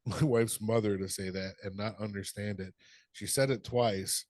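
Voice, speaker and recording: A middle-aged podcast co-host chats casually, telling funny stories, laughing, and swearing freely. His voice is on the low side, a little slow and mellow, with fairly even intonation and no echo.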